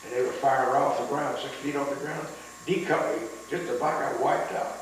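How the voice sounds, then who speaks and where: A man's voice: mid-range voice, steady tone, moderate pace. Older man recounting war memories, roomy. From United States. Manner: rambling storytelling with many restarts, chuckling at the memories. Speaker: war veteran interviewee. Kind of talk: oral history interview. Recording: roomy, distant mic with faint hiss.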